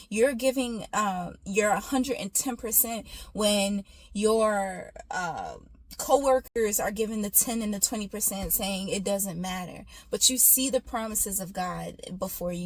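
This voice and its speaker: A woman's voice: mid-range voice, no echo. A woman giving a casual, faith-based encouraging talk, telling a personal story and coaching the listener with affectionate asides. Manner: warm encouraging, storytelling, calls listener "baby". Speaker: faith and self-care speaker.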